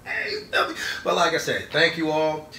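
A young man giving a casual movie review, excitable and profane, often laughing through his words. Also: a little high, moderate pace, distant mic, a crowd in the background. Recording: echoey room, off-mic.

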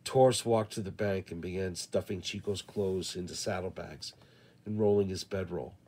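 A man reading a western novel aloud in the first person, measured and deliberate. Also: sits low, darkish tone. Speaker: audiobook reader. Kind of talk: first-person audiobook narration.

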